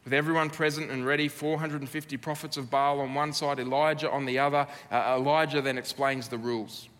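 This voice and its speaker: A man with an Australian accent preaching a sermon, earnest and emphatic, with dramatic pauses. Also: mid-range voice, steady tone, fairly bright tone, big-room sound. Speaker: pastor.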